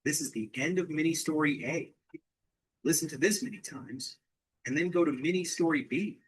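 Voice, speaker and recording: A man's voice: fairly high pitch, moderate pace, breathy edge, poor audio. A man teaching English through a question-and-answer drill, asking simple questions and repeating the answers back.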